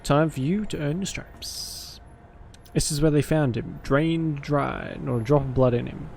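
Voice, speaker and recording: A man's voice: a little high, a little slow, vocal fry, darkish tone, a little hiss or hum. A man voicing a cynical, streetwise male vampire detective with a gritty, hard-boiled drawl. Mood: gruff. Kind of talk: visual novel voice acting.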